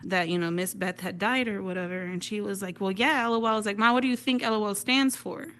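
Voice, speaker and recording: Woman stand-up comic from Detroit, bright tone, chatty with constant "right?" tags, on a VR headset mic. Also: medium pitch, steady tone, fast talker. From Detroit, United States. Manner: chatty, tags lines with "right?", laughs at own jokes. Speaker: stand-up comedian. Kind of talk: stand-up comedy routine. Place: virtual reality social venue.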